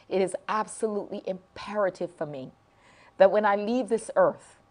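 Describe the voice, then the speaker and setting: Speaking at a medium pitch, this middle-aged woman is hosting a late-night talk show live. Emotion runs through her words as she addresses the audience, and she trips over sentences and says things more than once.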